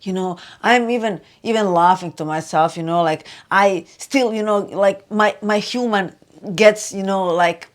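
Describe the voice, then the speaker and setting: A woman hosting a spiritual video, talking loosely and chattily with lots of "you know" and "like", turning soft and hushed for advice. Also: medium pitch, a little slow. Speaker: spiritual channel host. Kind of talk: casual spiritual talk to camera.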